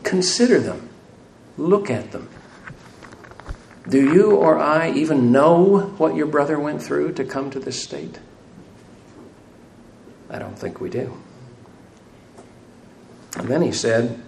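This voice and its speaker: A man's voice: a little high, lively intonation, slow, vocal fry, pauses often, a little mellow. A man preaching a sermon, asking the congregation rhetorical questions and adding light self-deprecating humor. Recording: echoey room, faint room noise.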